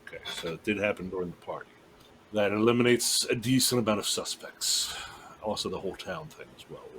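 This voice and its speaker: A man's voice: on the low side, a little fast, background noise. A man playing a tabletop game online, joking and questioning a corpse in character. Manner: joking, speaks to the dead in character. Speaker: player. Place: online voice call.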